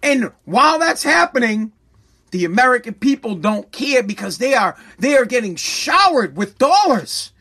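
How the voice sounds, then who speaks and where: A political commentator ranting with heavy profanity and sarcasm, swinging between loud mockery and a mock-calm hush. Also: mid-range voice, normal speed.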